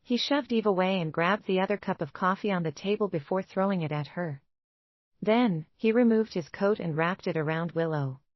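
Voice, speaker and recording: A woman giving scripted romance narration in an even, steady reading. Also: on the low side, moderate pace, dry recording, lo-fi sound.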